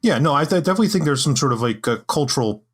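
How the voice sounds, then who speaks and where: A man's voice: a little high, animated, rapid-fire, breathy edge. A man on a podcast panel, talking things through casually with lots of restarts and fillers. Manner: hesitant, many restarts and fillers.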